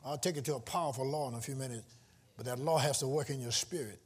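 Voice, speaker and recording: A man preaching a sermon to a live congregation, calling out questions, teasing the listeners and rising into shouts. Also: medium pitch, fast, slightly rough. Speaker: pastor. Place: church before a live congregation.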